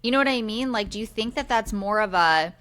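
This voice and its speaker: A woman co-hosting a podcast with a slightly high voice. She mostly backs up her co-host with short agreements, then muses on her own points in a relaxed, conversational way. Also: fairly quick. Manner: supportive listener, short agreements, musing. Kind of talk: casual chat.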